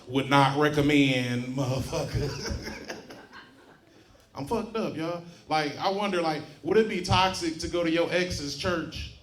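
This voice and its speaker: A man's voice: fairly high pitch, takes it slowly, pauses often, slight background noise. A man doing a brash, profane stand-up comedy set in a club, often laughing at his own jokes. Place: comedy club stage before a live audience. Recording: roomy club with loud crowd laughter.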